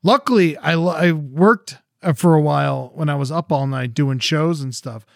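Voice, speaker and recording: A young man co-hosting a podcast, chatting casually in a rambling way, swearing often and trailing off quietly. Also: on the high side, moderate pace, creaky, no room sound, clean studio sound. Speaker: podcast co-host. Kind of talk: casual chat.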